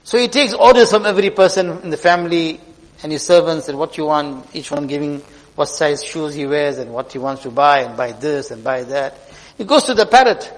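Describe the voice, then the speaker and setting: A man's voice: a little high, brisk. A man giving a sermon, telling a story earnestly and weaving in religious terms. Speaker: preacher. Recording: long hall reverb.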